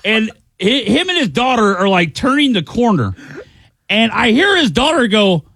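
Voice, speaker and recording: A man's voice: sits high, normal speed, creaky, no echo. Radio guy in his 40s telling a story, bouncy voice, super dry studio sound. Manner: animated storyteller, laughing and mimicking voices. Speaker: radio show co-host. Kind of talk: casual radio banter.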